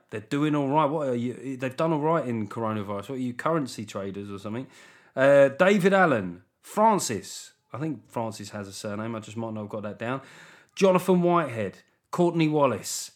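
A middle-aged Englishman with a Southern English accent hosts a solo comedy podcast, riffing loosely with mock voices and swearing freely. His mid-range voice has lively intonation and a normal pace.

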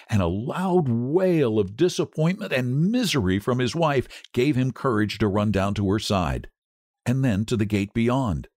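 A man hosting a literature podcast, reading a story aloud in a measured, dramatic way. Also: lowish voice, a little mellow, no room sound, studio quality. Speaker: podcast host and narrator. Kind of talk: scripted storytelling narration.

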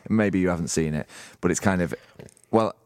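Very deep-voiced man chatting on radio. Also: normal speed, darkish tone, dry recording. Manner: chatty, rambling with many restarts and laughs. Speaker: radio show host. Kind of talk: casual chat.

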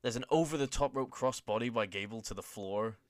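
A man's voice: medium pitch, a little fast, no room sound, clean studio sound. A young man co-hosting a podcast, casually recapping an old wrestling show, swearing freely and acting out the lines he quotes. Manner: laid-back, swears freely, acts out quoted lines for laughs. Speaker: podcast co-host.

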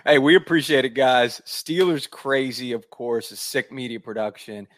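A man co-hosting a sports podcast at a middle pitch. He sounds relaxed as he thanks the guests and closes the show. The sound is dry and close. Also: moderate pace, no room sound. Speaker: podcast co-host. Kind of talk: casual sports chat.

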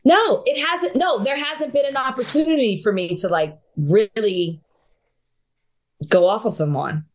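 A woman co-hosting a podcast in casual chat, laughing often and pushing back quickly. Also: on the high side. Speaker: podcast co-host.

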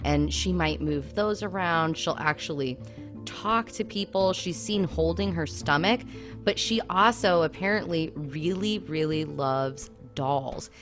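Low-voiced woman co-hosting a chat. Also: measured pace, faint music behind. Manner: animated, lots of fillers like "I mean". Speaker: podcast co-host. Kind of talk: casual storytelling chat.

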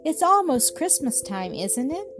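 A woman's voice: high voice, sing-song, a little slow, pitched above the performer's own voice. A woman voicing an eager, cheerful little girl in a storybook reading, with a pleading, hopeful way of talking. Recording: music playing behind.

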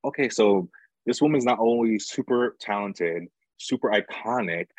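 Husky-voiced young man, chatty. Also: lowish voice, normal speed, no room sound, poor audio. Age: young adult. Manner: chatty, fills talk with "like". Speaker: guest, writer and actor. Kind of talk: casual conversation.

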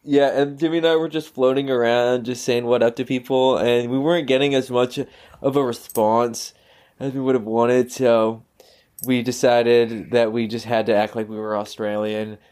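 A man's voice: mid-range voice, normal speed. A young man in casual chat, telling a story with energy and acting out the voices of the people in it. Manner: animated storytelling, acts out quoted voices.

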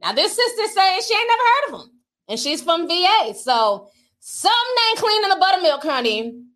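A middle-aged woman from the Midwest hosting a casual livestream, reading super chats in a playful, slangy, animated way and laughing often. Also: extremely high pitch, normal speed. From Minnesota.

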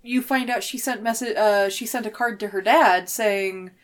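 A woman's voice: medium pitch, steady tone, moderate pace. A woman joining a casual podcast chat about a film, adding dry, wry comments.

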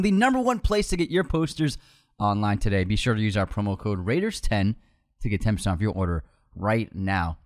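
A man co-hosting a casual movie podcast, reading an ad and chatting, laughing often and poking fun at himself. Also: lowish voice. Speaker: podcast co-host. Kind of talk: casual podcast chat and ad read.

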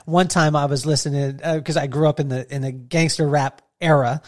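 A man's voice: a little high, fairly even intonation, a little fast. A man hosting a podcast interview, chatting casually, telling funny stories and laughing often. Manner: jokey, storytelling, laughs often. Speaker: podcast host.

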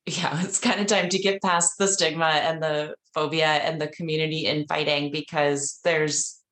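A woman's voice: sits low, flat delivery, moderate pace, reverberant. A woman co-hosting a podcast, thanking her guests and wrapping up the interview in a casual, grateful way with frequent laughter. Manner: warm, grateful, laughs often. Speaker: podcast co-host.

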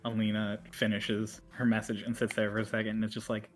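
Lowish guy running a tabletop game, easygoing rambly narration, lots of likes. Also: completely flat delivery, fairly quick. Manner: loose, chatty narration full of fillers. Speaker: game master.

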